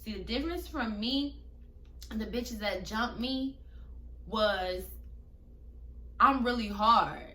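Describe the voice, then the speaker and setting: A woman's voice: fairly high pitch, slow pace, long pauses. Brash young woman vlogging in an echoey room. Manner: brash, emphatic and profane, talking straight to viewers. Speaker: vlogger telling a personal story. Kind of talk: casual storytime.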